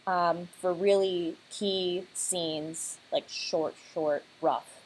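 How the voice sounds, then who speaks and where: A young woman student pitching her team's comic project in class, casual and full of "like" and "um". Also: fairly even intonation, drawn-out words, slight background noise, low-quality recording. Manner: casual, many fillers like "like" and "um". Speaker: student presenter.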